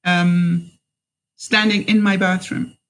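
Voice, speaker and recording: A woman's voice: lowish voice, steady tone, slow pace, a bit bright, poor audio. A middle-aged woman vlogger telling a personal story, hesitant, with many fillers and restarts.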